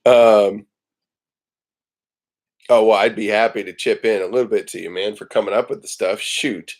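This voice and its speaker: A man's voice: lowish voice, fairly even intonation, fast. A man hosting a casual morning livestream from home, rambling and joking with plenty of ums and uhs. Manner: rambling and joking, with many fillers. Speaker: livestream host. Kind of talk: casual chat.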